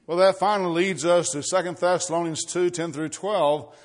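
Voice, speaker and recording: A man preaching a sermon, reading scripture loudly and dropping low for asides and rhetorical questions. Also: steady tone, moderate pace.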